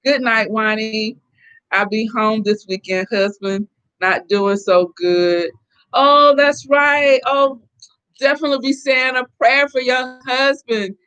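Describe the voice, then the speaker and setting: A middle-aged woman from the Southern United States hosting a casual live stream, chatting and reacting to viewer comments in an animated way. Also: a little high, takes it slowly, clear, resonant tone. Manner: chatty and animated, laughing often. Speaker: host reading viewer comments.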